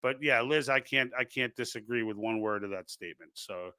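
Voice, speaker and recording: Rambling New York man, bright clear voice. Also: medium pitch, a little fast, no echo. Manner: rambling, many restarts and repeated words. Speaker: livestream host reading chat comments. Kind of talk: casual political livestream chat.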